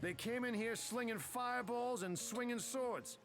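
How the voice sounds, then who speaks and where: An actor with a British accent voicing a stranded merchant sailor in a fantasy video game, grumbling and rueful. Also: male voice, very high-pitched, normal speed, music in the background.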